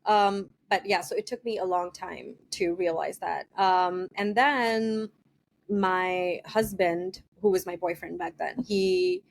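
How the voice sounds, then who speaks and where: A woman's voice: fairly low pitch, fairly even intonation, takes it slowly, gravelly. A woman author being interviewed, talking casually with a nasal voice from a cold, hesitant with many ums and frequent laughs. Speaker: author guest.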